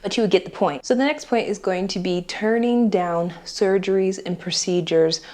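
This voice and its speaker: A woman from the United States talking casually to her viewers, chatty and animated, acting out the voices of people in her story. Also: medium pitch, normal speed. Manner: chatty, animated, acts out quoted dialogue. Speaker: vlogger.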